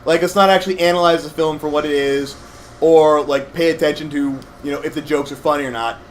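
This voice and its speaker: A young man co-hosting a game playthrough, rambling through animated stories with lots of fillers. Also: a little high, a little fast, slight background noise. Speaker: let's play co-host. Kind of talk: casual gaming chat.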